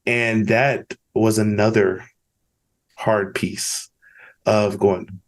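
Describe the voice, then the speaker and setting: A man with a fairly low voice hosts a casual podcast chat. He talks candidly and rambles, often stopping to restart his sentences. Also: level tone, extremely slow. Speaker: podcast host. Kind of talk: casual conversational interview.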